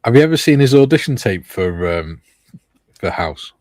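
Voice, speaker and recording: A man's voice: medium pitch, very animated, moderate pace, darkish tone, no room sound. A man hosting a live chat stream, easygoing and casually reading out viewers' comments. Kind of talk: casual chat while painting models.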